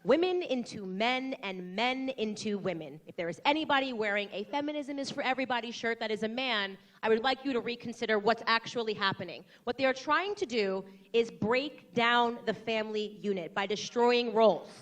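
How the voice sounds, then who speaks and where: A woman's voice: a little high, brisk, hardly any pauses, a bit bright. An American woman in her thirties giving a combative, rousing political speech to a crowd. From United States. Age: 30s. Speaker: political commentator speaking to a crowd.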